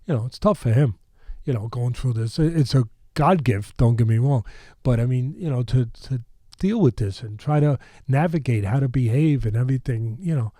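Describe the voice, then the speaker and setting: A man in his sixties from New York tells a long story in a warm, low voice, drifting into asides. The recording is dry and close, a podcast studio mic with no room sound. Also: moderate pace, dry recording. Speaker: boxing trainer, podcast guest. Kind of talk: animated storytelling.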